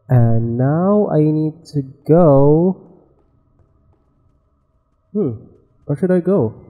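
Gamer guy, deep mellow tone, unhurried delivery, cursing at his game, long reverb tail on the voice. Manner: swears a lot and talks back to the game. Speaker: let's play gamer. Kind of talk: casual gameplay commentary.

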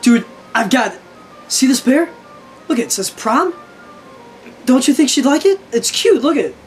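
A man's voice: very high-pitched, very animated, soft background music, pitched above the performer's own voice, heavily acted, rough recording. A man putting on an eager, fretful teen boy. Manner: eager, pleading, rushing through ideas. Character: anxious teenage boy fretting over asking a girl to prom.

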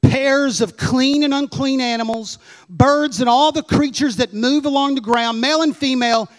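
A man's voice: very high-pitched, normal speed. A male pastor preaching a conversational sermon in church, full of asides and rhetorical questions to his congregation.

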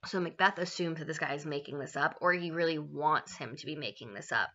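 A woman's voice: low voice, a little fast, pushed and bright, lo-fi sound. A woman teacher explaining a play to her class in a casual, chatty way, paraphrasing often and checking in with "right?".

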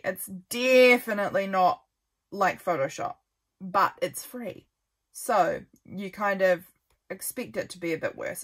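A woman's voice: mid-range voice, measured pace, fairly bright tone. A young woman chatting casually as she flips through her journal, rambling and correcting herself as she goes. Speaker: journaling vlogger.

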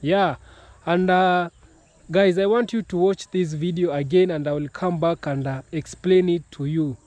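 A man from Kenya hosting a YouTube reaction video, speaking slowly in a halting way with many restarts. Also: high voice, fairly even intonation, darkish tone, no echo. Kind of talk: casual reaction commentary.

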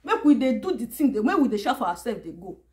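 A woman's voice: fairly high pitch, big pitch swings, fast, a little mellow, slight background noise. A woman vlogger with a Nigerian Pidgin English accent, talking straight to camera in a sarcastic, emphatic way and repeating her points. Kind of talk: casual monologue to camera.

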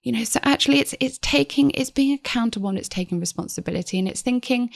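Earnest woman with a gravelly edge. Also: a little high, fast talker, dry recording, studio quality. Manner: earnest, reflective, with frequent restarts. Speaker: guest psychotherapist. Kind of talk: podcast interview.

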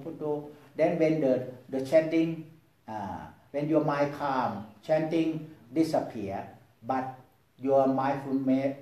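A man who is a Buddhist monk with a Thai accent, Thai as his first language, guiding meditation slowly and haltingly, repeating words softly and often checking in with "okay?". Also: medium pitch, roomy sound, low-quality recording. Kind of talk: guided meditation talk. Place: meditation hall at a Buddhist society.

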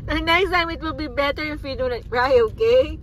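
A woman in her thirties with a Filipino accent, a mother chatting gently with her child from a car at a drive-through, teasing and coaxing. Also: high-pitched, a little fast, rough recording. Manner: gentle, teasing, laughs often, mixes in Filipino words. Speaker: mother and family vlogger. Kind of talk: casual family vlog chat.

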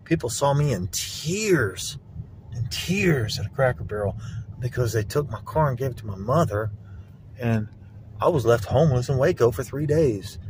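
A man's voice: mid-range voice, expressive, normal speed, background noise. A middle-aged man filming a rambling vlog on his phone outdoors. He talks in an aggrieved, accusatory way and keeps repeating himself. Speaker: vlogger. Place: outdoors, around a lake. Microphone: handheld phone.

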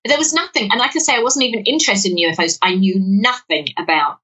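Woman from southwest london, lively storyteller, acts out quotes, muffled faraway mic. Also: mid-range voice, fast talker. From England, south-west London area. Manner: animated storytelling, acts out quoted dialogue, frequent restarts. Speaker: guest, lottery winner. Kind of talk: casual podcast interview. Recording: dull sound from a distant mic.

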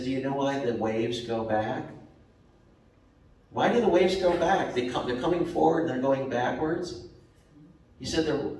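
Man, pastor, slow sermon, emphatic rises, very echoey hall, distant mic. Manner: slow, repetitive preaching with emphatic pitch rises. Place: church sanctuary.

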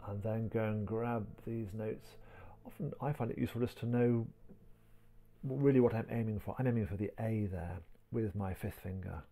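A man teaching a piano piece step by step. He talks gently while he plays and counts the beats aloud. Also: on the low side, moderate pace. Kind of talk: piano tutorial, talking while playing. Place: indoors at a piano. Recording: talk over loud piano playing.

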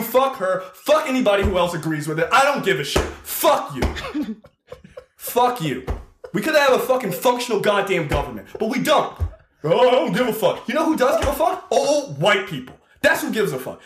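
A man hosting a podcast, ranting angrily and swearing heavily, shouting at times. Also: extremely high pitch, roomy sound, slight background noise. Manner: angry, profane, shouting at times. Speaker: podcast host. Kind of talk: heated podcast rant.

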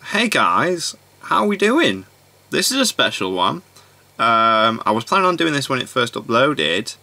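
A man's voice: fairly low pitch, bright, forceful tone. A man hosting a reaction video, chatting casually and laughing often. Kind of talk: casual commentary.

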